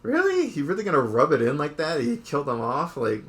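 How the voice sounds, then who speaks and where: Guy rambling through a movie recap, tons of "like", tosses in quick quote voices. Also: fairly high pitch, animated, a bit bright. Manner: rambling retelling full of "like" and quick put-on quotes. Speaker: podcast co-host. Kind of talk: casual chat.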